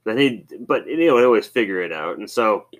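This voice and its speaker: A man's voice: on the low side, animated, a little fast. A man hosting a podcast, telling loose, rambling stories with swearing and many fillers. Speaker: podcast host. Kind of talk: casual storytelling monologue.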